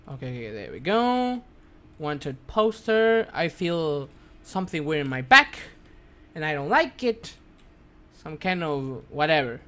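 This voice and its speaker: A man whose first language is Spanish, streaming a game live in broken English, jumpy and quick to yelp and curse when startled. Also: fairly high pitch, big pitch swings, fairly bright tone, clean tone. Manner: broken, non-native English.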